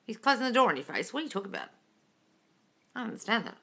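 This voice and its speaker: A woman's voice: on the high side, sing-song, racing, fairly bright tone, husky. A woman manifesting coach on a casual live stream, reading chat questions aloud and answering bluntly with a lot of swearing, with a slight British intonation.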